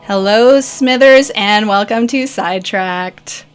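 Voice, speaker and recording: A woman's voice: mid-range voice, slow, clear, resonant tone, faint music behind. A bubbly, upbeat woman, hosting a casual radio show from a studio microphone. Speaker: radio host. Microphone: studio microphone with headphones.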